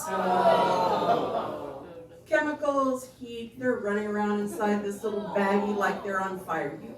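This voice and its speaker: A woman doing a stand-up comedy set, telling an animated story and acting out the other people's lines. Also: medium pitch. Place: comedy venue stage. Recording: echoey room from far off, noisy.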